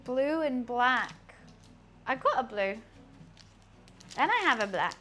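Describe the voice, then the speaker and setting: A woman's voice: a little high, animated, slow, pushed and bright, soft background music. A young woman chatting casually on a cooking live stream, rambling through asides in her home kitchen.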